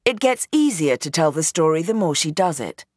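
A woman reading a novel aloud in measured, tense scripted narration. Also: sits low, big pitch swings, a little mellow, no room sound, studio quality. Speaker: audiobook narrator.

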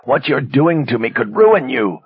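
A man's voice: medium pitch, very animated, unhurried, breathy edge, dry recording, lo-fi sound, pitched above the performer's own voice. A man voicing a cornered male spy in pain, gasping and pleading in a strained voice.

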